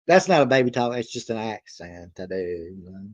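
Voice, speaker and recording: A man in his thirties with a drawl hosts a casual livestream, rambling from one story to the next in a folksy, easygoing way. He laughs often and reads viewer comments aloud as he goes. His voice sits at a middling pitch, and the stream audio is a little dull and lo-fi. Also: wildly swooping pitch, a little fast, hardly any pauses, a little mellow. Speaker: livestream reaction host.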